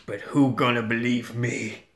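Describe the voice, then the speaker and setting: A man's voice: medium pitch, little pitch movement, a little slow, pitched below the performer's own voice, natural voice. A man voicing a skeptical male police partner who talks dismissively and mockingly. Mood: scoffing. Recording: echoey room.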